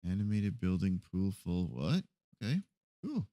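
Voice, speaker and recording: A man's voice: low-pitched, sing-song, measured pace, mellow. A man streaming a roleplay game, chatting casually and animatedly to his viewers, laughing often.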